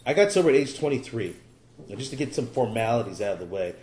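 A man's voice: mid-range voice, expressive, quick pace, a little mellow, echoey room, slight background noise. A middle-aged man from California giving a rambling, wry personal testimony at a recovery meeting. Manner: rambling, self-deprecating, wry humor.

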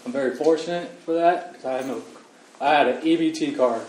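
A man sharing his recovery story at a meeting, halting and earnest with many restarts, emotional. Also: a little high, a little mellow, a little hiss or hum. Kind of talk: personal recovery testimony. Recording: roomy echo, far from mic, faint ambience.

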